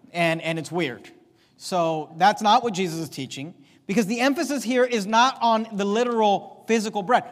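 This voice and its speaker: A man with a high voice preaches with fervor, climbing to loud, stressed phrases and sinking into quiet asides. He stumbles over repeated words when he drives a point home. His voice rings out in a hall with a long echo. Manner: impassioned preaching, swinging between loud emphasis and low asides. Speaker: pastor. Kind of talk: sermon.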